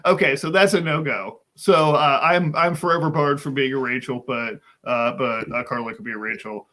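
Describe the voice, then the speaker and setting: A man's voice: medium pitch, fairly even intonation, normal speed, pushed and bright. A man hosting a live stream over a video call, jokey and playful, greeting viewers by name. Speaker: host.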